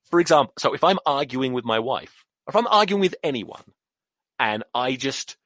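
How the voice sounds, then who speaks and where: Lively sweary English man ranting. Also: medium pitch, moderate pace, no echo, studio quality. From England. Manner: animated, sweary, rambling off on tangents. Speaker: podcast host. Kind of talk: casual rugby rant.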